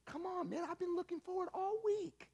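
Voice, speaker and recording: A keen young college guy, eager and pleading, full of "bro" and "dude", as a man puts him on. The voice sits far above a normal speaking pitch and comes across thin and boyish. He sounds excited, in the casual slang of a student. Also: a little fast.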